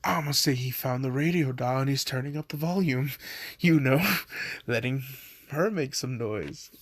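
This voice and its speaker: A man's voice: mid-range voice, normal speed, no echo. A young man casually retelling a fan story, rambling with lots of fillers and laughing at himself.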